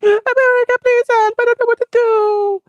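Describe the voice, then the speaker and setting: Whiny panicked America guy, as a podcaster puts him on, squeaky and stammering, gravelly edge, dry sound. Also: sing-song, fairly quick, no room sound, lo-fi sound, heavily acted. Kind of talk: comedic podcast role-play.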